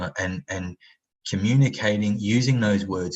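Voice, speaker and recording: A man runs an online training workshop in a conversational way, with many fillers and acted-out example voices. He has a low-pitched voice at normal speed, and the audio's highs are cut off.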